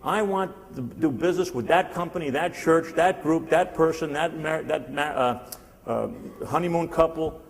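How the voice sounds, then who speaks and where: A man's voice: fairly high pitch, normal speed. A man in his sixties giving a live sales seminar in a punchy, repetitive style, teasing the audience. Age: 60s. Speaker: sales trainer and motivational speaker. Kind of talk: live motivational seminar talk. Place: large hall with a live audience. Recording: long hall reverb.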